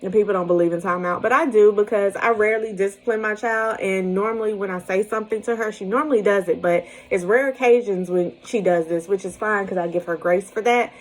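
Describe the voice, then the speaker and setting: A woman's voice: mid-range voice, fairly even intonation, fairly quick, few pauses, low-quality recording. A young woman, a single mother, telling viewers about her morning in a casual, chatty way, laughing often and reassuring them directly. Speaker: single-mom vlogger. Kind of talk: casual storytelling to camera.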